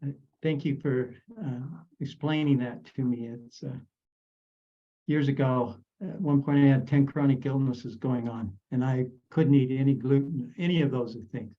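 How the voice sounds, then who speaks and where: A man from Idaho giving measured, explanatory coaching advice as a guest on a video call. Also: medium pitch, steady tone, highs cut off. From Idaho, USA.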